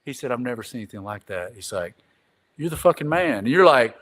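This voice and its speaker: A man's voice: medium pitch, lively intonation, quick pace, a bit bright. A man telling a long casual story as a podcast guest, rambling and repeating "I said," swearing casually. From Greenville.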